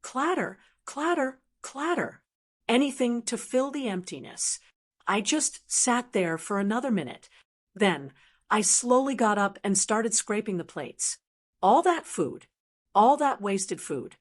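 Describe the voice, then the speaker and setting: A woman in her sixties narrating a first-person family story in a measured, steady way. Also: medium pitch.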